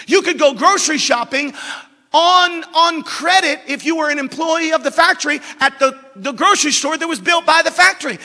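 Man, preacher, sermon storytelling that rises to shouting, very high, piercing bright. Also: vocal fry. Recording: long reverb of a hall.

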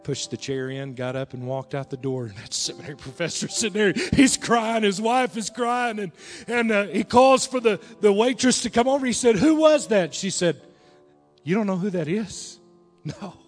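A male pastor preaching a sermon, telling a story and dropping to a hush, then rising again. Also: sits high, fairly even intonation, moderate pace. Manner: storytelling, swings between hushed and raised. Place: large church hall. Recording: reverberant church hall with music.

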